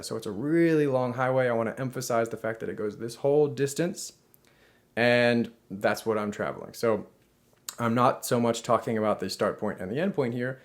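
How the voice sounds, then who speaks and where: A man hosting a language lesson, explaining grammar and slowing down to model example sentences, with small restarts as he rephrases. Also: lowish voice. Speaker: Spanish teacher, channel host.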